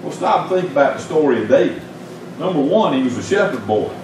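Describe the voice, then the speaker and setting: An older man with a Southern US accent preaching a sermon, telling stories in a folksy way with big swings in pitch. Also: very animated, fairly quick, background noise. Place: church sanctuary. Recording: echoey church from far off.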